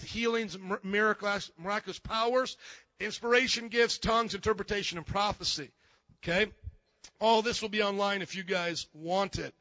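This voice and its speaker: Bright-voiced joking pastor preaching. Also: male voice, sits high, no echo, muffled recording. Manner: animated and joking, acts out quotes. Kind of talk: lively sermon.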